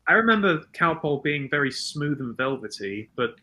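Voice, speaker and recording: Bright-voiced chatty man. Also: a little high, big pitch swings, normal speed, low-quality recording. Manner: chatty, laughs often, many fillers. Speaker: co-host. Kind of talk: casual chat recapping a show.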